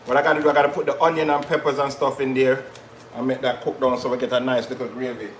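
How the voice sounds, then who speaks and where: A man's voice: mid-range voice, flat delivery, quick pace, reverberant, slight background noise, poor audio. A man hosting a live cooking stream from a kitchen, chatting casually with viewers as he cooks. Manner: chatty, patois-tinged asides to viewers. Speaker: cooking show host.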